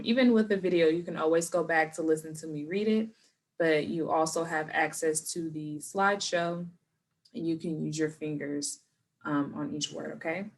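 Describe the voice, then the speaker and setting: Lowish-voiced woman teacher, patient. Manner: patient, encouraging, slows down to model words. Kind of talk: recorded remote lesson.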